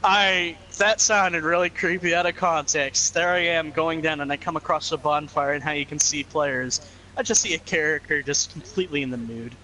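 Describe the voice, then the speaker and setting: A man with a bright, forceful tone and a slightly high pitch fires off quick quips and laughs often while chatting over a game stream. A faint hiss runs behind him. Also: poor audio. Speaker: friend joining the stream. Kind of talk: casual joking chat.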